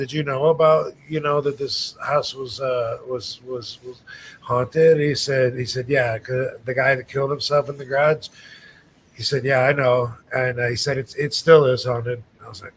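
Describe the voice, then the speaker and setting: A middle-aged man tells stories at a loose, rambling pace, stopping and restarting often. His voice sits at an ordinary pitch, with a faint low rumble in the background. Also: a bit bright, rough recording. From Michigan, United States. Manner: rambling storyteller with many fillers and restarts. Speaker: podcast host. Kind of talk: casual chat.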